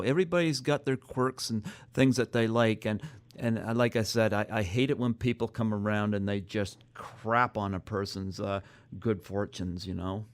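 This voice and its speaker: A man with a Canadian accent hosting a casual interview, talking in a halting, stop-start way with many fillers. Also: medium pitch. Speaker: podcast host.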